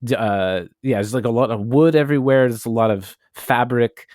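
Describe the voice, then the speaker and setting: Mid-range and a little mellow, this man's voice moves at a moderate pace as he co-hosts a podcast, telling a loose, rambling story in casual chat and cursing occasionally. The sound is clean studio audio, free of echo.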